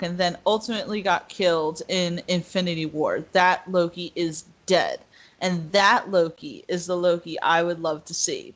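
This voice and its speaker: Lively lower-voiced woman podcast host. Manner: animated, laughs often, acts out quotes. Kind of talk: casual chat.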